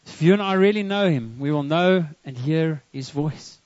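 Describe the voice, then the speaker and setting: A man's voice: a little high, expressive, moderate pace, darkish tone, no room sound, highs cut off. A man preaching a sermon to a church congregation, earnest and often repeating words as he starts a line. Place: church service.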